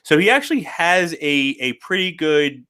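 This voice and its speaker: A man co-hosting a casual chat podcast in an animated way. He reads tweets and book passages aloud to his co-host, with his pitch jumping up and down as he makes his points. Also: moderate pace, clear, resonant tone.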